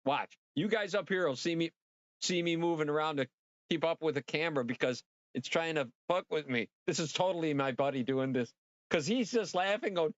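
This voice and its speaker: Rambling, excitable man on a livestream. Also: on the high side, a little fast, dry recording, highs cut off. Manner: rambling and excitable, swears freely, talks straight to viewers. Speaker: livestream host. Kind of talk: casual livestream chat.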